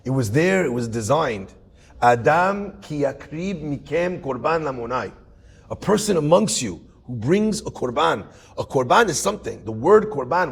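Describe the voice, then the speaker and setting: A man's voice: medium pitch, breathy edge. A male rabbi giving a sermon, talking straight to his listeners and firing rhetorical questions at them. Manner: animated, rhetorical questions to the audience.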